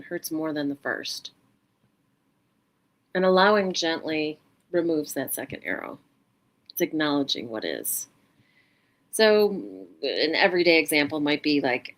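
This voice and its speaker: Woman, mindfulness host, gentle and unhurried, slightly low voice with a very lively pitch. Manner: gentle, unhurried, speaks in short reflective phrases. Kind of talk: reflective self-help talk with guided practice.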